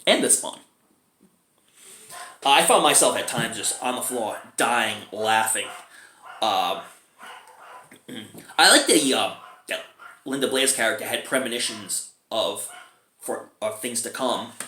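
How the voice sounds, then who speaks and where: A man's voice: mid-range voice, expressive, a little slow, long pauses, bright, forceful tone, slight background noise. Chatty man reviewing a film, roomy echo. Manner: chatty, chuckles often. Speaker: movie reviewer.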